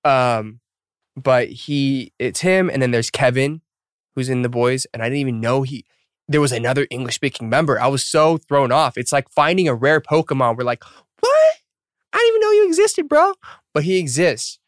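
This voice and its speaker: This mid-range male voice belongs to a thirty-something podcast host talking at a normal speed. His casual, rambling chat is full of fillers and self-directed laughter, and the recording is dry and studio-quality.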